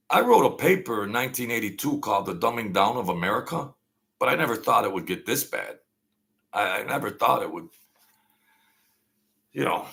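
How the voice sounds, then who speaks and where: Gravelly rambling man in his sixties. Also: mid-range voice, animated, normal speed, long pauses, a bit bright. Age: 60s. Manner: rambling, opinionated, reads out viewer names. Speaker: livestream host. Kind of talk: casual late-night livestream chat.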